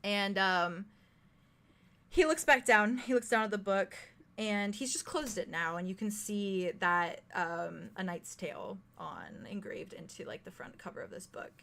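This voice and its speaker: A woman's voice: medium pitch, measured pace, gravelly, bright, forceful tone. A young woman narrating a tabletop role-playing game as game master, hesitant and full of fillers.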